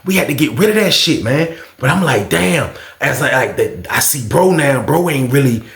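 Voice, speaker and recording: Male storyteller, fry in the voice, roomy sound, loose and animated retelling. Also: mid-range voice, moderate pace. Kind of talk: casual storytime monologue.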